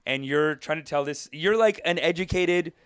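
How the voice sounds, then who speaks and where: A Canadian man chatting casually as a podcast co-host, excitable and quick, saying "dude" often. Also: fairly high pitch, smooth, no echo, studio quality. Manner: fast, excitable, says dude a lot. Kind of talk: casual chat.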